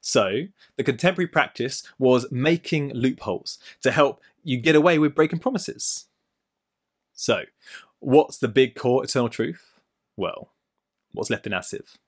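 A man's voice: medium pitch, unhurried. A middle-aged man preaching a sermon, explaining a Bible passage with playful everyday stories and asides. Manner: lively storytelling with playful asides.

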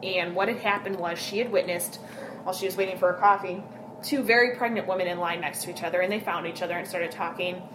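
A woman co-hosting a casual podcast chat who tells stories in an animated, frank and profane way. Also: lowish voice, fast talker. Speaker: podcast co-host. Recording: noisy background hiss.

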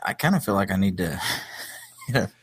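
A man with a deep voice chats easily on a podcast, pausing often with ums and restarts. His tone stays relaxed and unhurried. The recording is dry and close. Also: husky, no echo. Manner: easygoing, hesitant, many ums. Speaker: podcast co-host. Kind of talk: casual chat.

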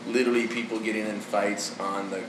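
A man's voice: fairly low pitch, level tone, fairly quick, reverberant, far from the mic, background noise. A man co-hosting a podcast, giving plain-spoken opinions in casual chat. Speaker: podcast co-host.

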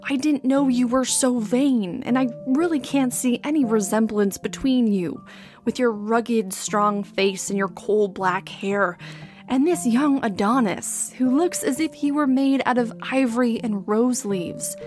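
A woman reading aloud as a languid, witty aristocratic Victorian gentleman with a theatrical, mocking drawl. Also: a little high, unhurried, faint music behind, lightly acted. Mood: amused, mocking. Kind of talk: dramatic reading.

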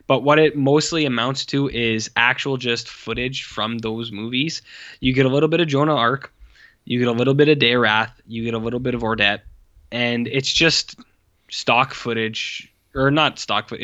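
A man's voice: medium pitch, a bit bright, lo-fi sound. A man co-hosting a casual film review podcast, rambling and profane, slipping into mocking voices when he quotes people. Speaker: podcast co-host. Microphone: own microphone with mute.

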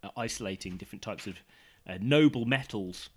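A man's voice: fairly low pitch, brisk, breathy edge. A man co-hosting a science podcast, telling stories in a rambling casual way with plenty of ums. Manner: rambling storyteller with many ums. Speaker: podcast co-host.

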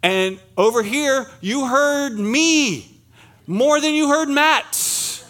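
Middle-aged pastor guy from pennsylvania, highish voice, chatty sermon full of jokes on himself. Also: lively intonation, drawn-out words, bright, forceful tone. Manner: chatty, self-deprecating, jokes with the congregation. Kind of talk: sermon with humorous asides. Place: church sanctuary.

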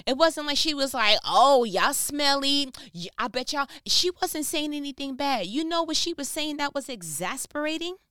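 A woman preaching an animated sermon in a casual, slangy way, asking her listeners questions. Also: medium pitch, dry recording, clean studio sound. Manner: conversational, slangy, asks the audience questions.

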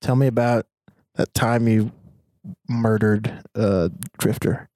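A man's voice: lowish voice, fairly even intonation, slow, dark tone, no room sound. A young man co-hosting a podcast with crude, joking banter. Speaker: podcast co-host. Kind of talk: casual podcast chat.

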